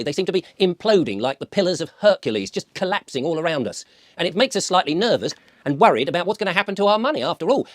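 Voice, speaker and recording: A man's voice: a little high, dry recording. A British man in a wry, sarcastic, conversational monologue who slips into put-on voices for little scenes. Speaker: vlogger.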